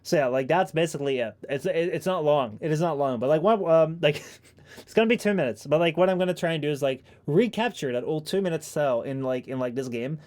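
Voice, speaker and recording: A man's voice: a little high, a little fast, darkish tone. A man streaming, chatting casually and rambling with many fillers and restarts. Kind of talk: casual chat.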